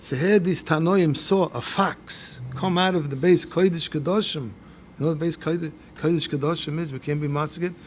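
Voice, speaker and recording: A man's voice: fairly high pitch, steady tone, a little fast, slight background noise. A man with a Yeshivish American accent giving a Torah lecture as a rabbi, mixing Hebrew and Yiddish phrases into his English as he reads texts and questions them. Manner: questioning, builds up a puzzle.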